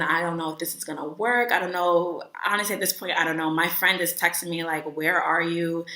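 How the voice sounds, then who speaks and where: A young woman casually telling a travel story as a vlogger, chatty and animated, with lots of "like" fillers as she acts out what people said. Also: fairly low pitch, roomy sound.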